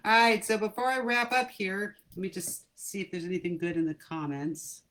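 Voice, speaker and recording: A woman's voice: mid-range voice, fairly even intonation, moderate pace, a bit bright, rough recording. A woman hosting a comedy livestream from home, chatting casually and self-deprecatingly to her viewers and laughing at her own jokes. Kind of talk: casual chat to a livestream audience. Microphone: computer camera mic.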